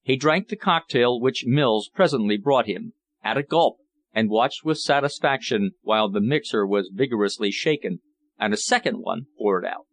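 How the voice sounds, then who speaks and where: A man's voice: mid-range voice, expressive, normal speed. Man reading a period novel aloud. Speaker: audiobook narrator. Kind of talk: scripted audiobook narration.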